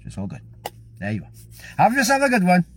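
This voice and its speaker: A man's voice: sits high, wildly swooping pitch, fast, a bit bright, a little hiss or hum. A middle-aged man giving a casual, earnest motivational talk to his followers, rambling a little and repeating key phrases. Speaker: motivational vlogger.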